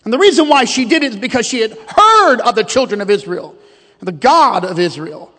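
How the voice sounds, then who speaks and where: A man's voice: very high voice, animated, a little fast, pushed and bright. A male pastor preaching a sermon, leading his congregation in call-and-response declarations. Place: church sanctuary. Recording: long reverb of a church hall.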